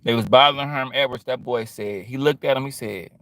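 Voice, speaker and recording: A streetwise man rambling through a casual monologue in heavy slang, his pitch sitting in the middle of the male range. He keeps drifting into quoting others. The sound is close and dry, with no room around it. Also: fairly quick, fairly bright tone, no room sound. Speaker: vlogger.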